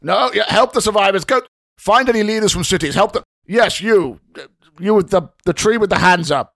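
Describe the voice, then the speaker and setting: A man voicing a brusque, bald old male gnome commander who barks orders loudly and impatiently. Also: high-pitched, lively intonation, brisk, creaky, no echo, clean studio sound, voice pushed up, exaggerated voice. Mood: barking. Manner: barking orders, loud and impatient.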